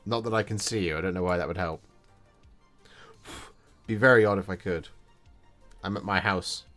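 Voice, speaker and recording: Groggy, joking man, low voice. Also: normal speed, fairly bright tone, faint music behind. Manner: jokey, chatty, talks to viewers while working. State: groggy after anaesthetic. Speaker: streamer painting miniatures. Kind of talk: live painting stream chat. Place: at home.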